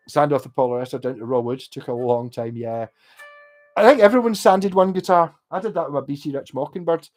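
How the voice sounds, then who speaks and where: A man's voice: medium pitch, a little mellow. A Scottish man rambling casually on a livestream about guitar repair, with many restarts and the odd swear word.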